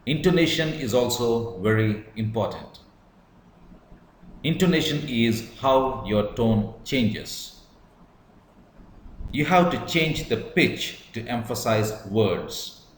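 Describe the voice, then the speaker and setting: A man giving a measured lecture on public speaking, stressing words to demonstrate emphasis. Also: mid-range voice, lively intonation, echoey room, a little hiss or hum, rough recording. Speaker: English teacher. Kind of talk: slow deliberate lecture.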